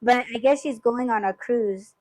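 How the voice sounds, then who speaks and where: A woman's voice: a little high, normal speed, darkish tone, no room sound, rough recording. A woman hosting a podcast, telling a story in casual chat, swearing freely and rambling with lots of fillers. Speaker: podcast host.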